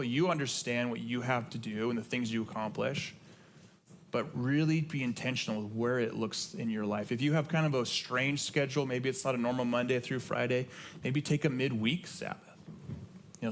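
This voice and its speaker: A man's voice: mid-range voice, a little hiss or hum. A middle-aged man, a pastor, preaching a sermon in an earnest, conversational way and repeating key phrases for emphasis. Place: church sanctuary.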